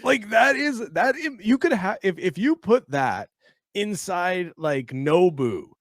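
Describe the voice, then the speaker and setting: A man's voice: high-pitched, takes it slowly, no room sound, clean studio sound. A man co-hosting a stream, chatting casually and crudely while reacting to a video. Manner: crude, excitable, laughing riffs. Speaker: stream co-host.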